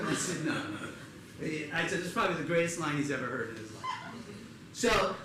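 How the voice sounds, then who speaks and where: A middle-aged man performing live stand-up comedy in a theater, telling animated stories and acting out the people in them. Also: on the high side, slow, pauses often, recorded from a distance. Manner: animated storytelling, acts out his mother and joke characters. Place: theater stage before a live audience. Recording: roomy theater sound with audience noise.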